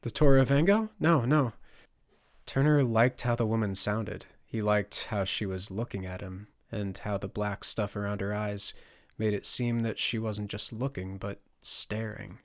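A man narrating a fantasy audiobook in a measured storytelling manner, on a close microphone. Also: lowish voice, fairly even intonation, fairly bright tone, dry recording.

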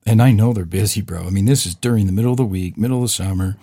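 Animated storytelling man, low dark voice. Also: very fast, breathy edge, no echo, studio quality. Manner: animated storyteller, acts out quoted voices, says "bro" and "dude". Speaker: podcast co-host. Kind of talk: casual storytelling chat.

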